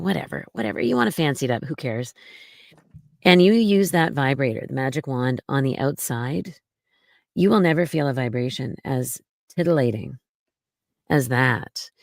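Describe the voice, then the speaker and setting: A woman with a low, gravelly voice talks slowly and reassuringly as a podcast guest, sprinkling her speech with fillers. The sound is close and dry, with no room in it. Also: expressive, dry recording. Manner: slow, gentle and reassuring, with many fillers. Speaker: podcast guest, mommy domme. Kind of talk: casual interview talk.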